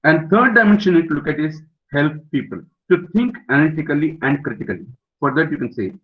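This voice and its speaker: A man's voice: fairly high pitch, lively intonation, fast talker, few pauses. An older man, a professor giving a webinar lecture to students, emphatic, repeating key words and putting questions to his audience. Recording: dull lo-fi webinar audio.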